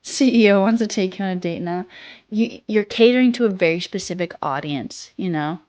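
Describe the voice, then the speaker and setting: A young woman with a soft, childlike voice, a little sick, chatting casually on a stream, reading chat and swearing offhandedly. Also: medium pitch, fairly quick. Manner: reads chat aloud, swears casually, sings snatches.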